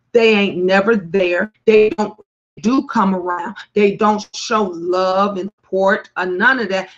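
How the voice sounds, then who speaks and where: A woman's voice: mid-range voice, muffled recording. Blunt, profane woman talk-show host. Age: middle-aged. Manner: blunt, profane, fired-up storytelling. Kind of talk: live-stream commentary, reading chat.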